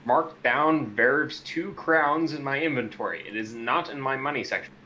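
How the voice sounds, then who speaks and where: A man's voice: medium pitch, normal speed, bright, forceful tone, poor audio. A man playing a tabletop game, talking in a dry, teasing way. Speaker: player.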